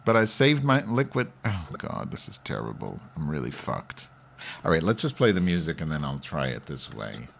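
A man's voice: a bass voice, very animated, moderate pace, vocal fry, slight background noise. A man working out a crude song parody on the radio, muttering to himself and then belting out lines. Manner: crude, self-deprecating, switches between muttering and loud singing. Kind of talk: comedic radio bit, singing parody lyrics.

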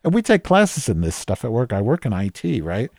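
A podcast host plays Madge, a cranky, foul-mouthed office worker, in an improvised comedic monologue where he rambles, swears, mocks himself, and restarts often. His medium-pitched voice swings hugely in pitch, moves fairly quickly, and has a darkish tone. The studio-quality recording has no echo.

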